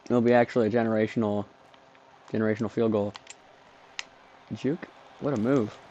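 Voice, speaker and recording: A man doing let's-play commentary on a football video game, excitable, trash-talking the game and bursting into shouts. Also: lowish voice, moderate pace, slight background noise. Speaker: gaming streamer. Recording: dull lo-fi dry mic.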